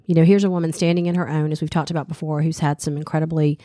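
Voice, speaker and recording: A woman's voice: sits low, flat delivery, racing, warm tone, no echo, clean studio sound. A middle-aged woman with a Southern US accent, co-hosting a radio show in casual, chatty talk full of fillers and restarts. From American South. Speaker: radio co-host. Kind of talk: casual chat.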